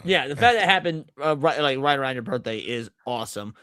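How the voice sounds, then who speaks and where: A man's voice: mid-range voice, expressive, quick pace, a bit bright, clear, resonant tone, no echo, clean studio sound. A man hosting a livestream, joking with his guests and steering the talk toward wrapping up. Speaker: host. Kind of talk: casual livestream chat.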